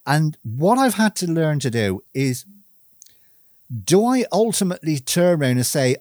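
A man's voice: a little high, big pitch swings, darkish tone, no room sound. Earnest man in a dry reflective monologue. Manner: earnest, measured, emphatic repetition.

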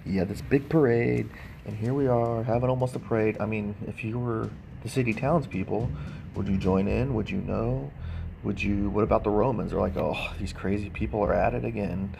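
A man's voice: lowish voice, steady tone, moderate pace, creaky, a little mellow, slight background noise. A man giving sarcastic, casual commentary on a bible story, thinking aloud and asking wry questions.

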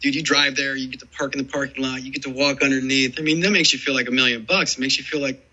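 A man in his forties, a former baseball player, telling rambling, animated stories in a casual interview. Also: mid-range voice, quick pace, dull audio. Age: 40s. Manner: rambling, animated storytelling full of "dude" and "man".

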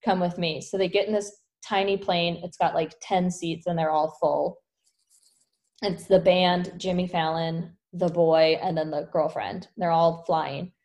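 Slightly low-voiced woman retelling a story. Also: unhurried. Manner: animated storyteller, heavy use of "like". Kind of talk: casual chat retelling a film plot.

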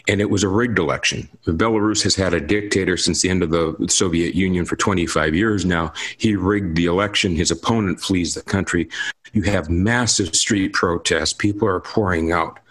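A man's voice: low-pitched, normal speed, fairly bright tone. A man giving emphatic commentary on politics in a lecturing, insistent manner. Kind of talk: political discussion.

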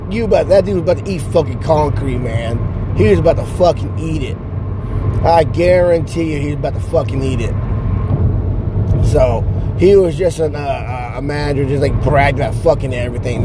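A man rambling through a story from his car, cursing a lot and stumbling over his restarts. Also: a little high. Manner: profane, stammering restarts. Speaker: vlogger telling stories. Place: car stuck in traffic. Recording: road noise from traffic.

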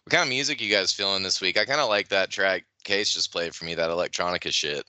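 A man with a very deep voice and a sharp, tense edge chats offhandedly on a podcast. The sound is dry, with no room around it. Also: fast, clean tone, no room sound. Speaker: podcast co-host. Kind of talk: casual chat.

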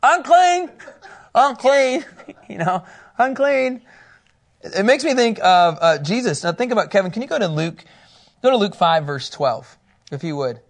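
A man teaching scripture to a live group in a casual, playful way, with quick asides and frequent laughter. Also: high voice, animated. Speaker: pastor teaching a Bible study.

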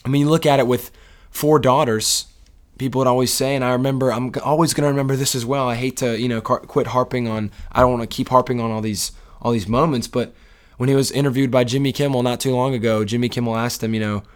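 A man's voice: mid-range voice, steady tone, quick pace. A man co-hosting a casual sports talk show, speaking in an emotional, rambling way with many restarts. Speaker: sports podcast co-host.

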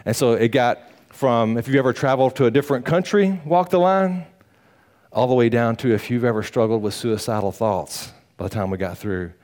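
Pastor, male, folksy and animated sermon storyteller. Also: medium pitch, a little fast. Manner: animated, folksy, acts out quotes.

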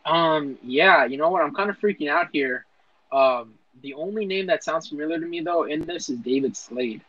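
A man co-hosting a casual podcast, giggly and apologetic, laughing at himself as he talks. His voice is bright and slightly high for a man. The sound is dry and a little dull. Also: moderate pace, no echo. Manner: apologetic, giggly, self-deprecating. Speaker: podcast co-host. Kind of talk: casual chat.

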